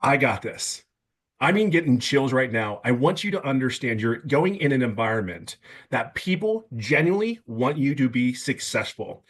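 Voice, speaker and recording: A man in his fifties giving an emphatic, casual testimonial on a webinar video call, stumbling over words when excited. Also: medium pitch, moderate pace. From California. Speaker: webinar guest.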